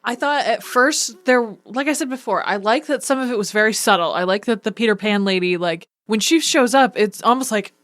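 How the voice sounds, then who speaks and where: A woman's voice: on the high side, brisk, few pauses. A woman co-hosting a podcast in casual chat, playful, laughing and chiming in with quips. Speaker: podcast co-host.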